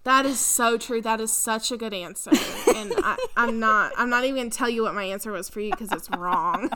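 A woman's voice: fairly high pitch, fairly quick, a crowd in the background. A young woman, co-hosting a podcast in casual chat, rambling with lots of fillers and frequent laughter. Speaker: podcast co-host.

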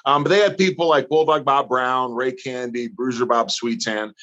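Guest: mid-pitched man from Missouri, lively storyteller, casual talk. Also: moderate pace, highs cut off. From northern Missouri. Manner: animated storyteller who acts out quotes.

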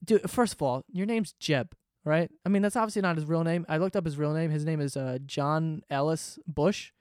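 A man's voice: fairly high pitch, normal speed, darkish tone, no room sound, clean studio sound. A man ranting sarcastically and swearing freely in a casual comedic monologue, host of his own podcast.

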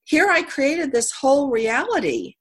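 A woman's voice: high voice, very animated, unhurried. A middle-aged woman hosting a radio talk show, who has a cold and tells stories chattily, laughing often. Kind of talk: casual interview chat.

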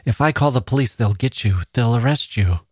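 A man's voice: fairly low pitch, unhurried, dark tone, breathy edge, dry recording, clean studio sound. A man reading aloud voices a frightened teenage girl, tense and pleading.

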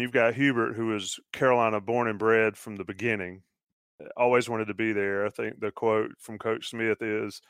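Male host, low and smooth, rambling casual talk. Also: a bit bright, no room sound. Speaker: podcast host. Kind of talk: casual chat.

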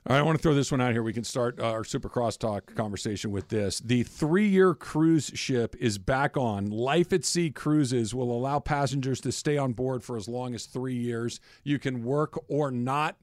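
A man's voice: medium pitch, normal speed, few pauses, dry recording, clean studio sound. A man hosting a sports talk radio show, chatting casually and reading out daily trivia. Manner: chatty, reads daily trivia, rambles with restarts.

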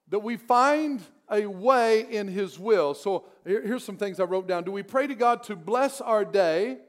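Man pastor, high voice, sermon delivery, emphatic repetition. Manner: lively preaching, swings between soft prayer and emphatic repetition.

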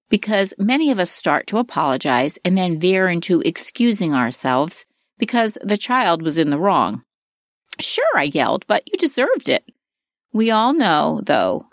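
A middle-aged woman giving scripted instructional narration for a parenting course, with a clear, expressive, advice-giving delivery. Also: on the low side, dry recording, studio quality.

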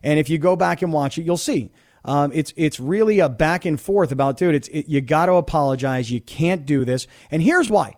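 A man's voice: high voice, lively intonation, normal speed, a little mellow. A man hosting a sports radio show, talking in an emphatic, opinionated monologue and often repeating words as he presses a point. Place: radio studio.

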